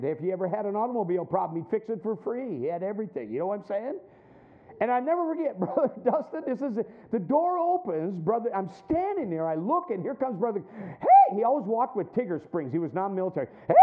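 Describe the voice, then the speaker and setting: Animated preacher, tinny sound. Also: male voice, fast talker. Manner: animated storyteller, acts out voices, drops low for points. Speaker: pastor. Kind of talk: sermon with storytelling.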